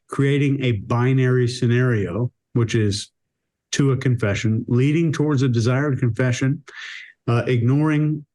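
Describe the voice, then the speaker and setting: A man's voice: medium pitch, warm tone. Methodical male panelist. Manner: methodical, lists points in order. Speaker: body language panelist. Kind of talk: casual panel discussion.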